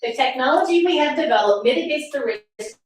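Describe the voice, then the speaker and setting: A woman's voice: high-pitched, lively intonation, fairly quick. Sarcastic woman speaking in an echoey hall. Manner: sarcastic, rhetorical questions to the audience. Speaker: speaker at a political summit. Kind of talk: presentation talk. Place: meeting room with audience. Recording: very echoey room from far off, faint noise.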